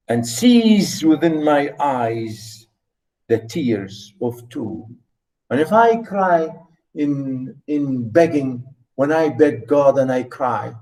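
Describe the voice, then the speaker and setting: Older man lecturing slowly, emphatic. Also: medium pitch, a little mellow, poor audio. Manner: emphatic, repeats phrases, restarts often. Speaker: literature lecturer. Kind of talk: university lecture.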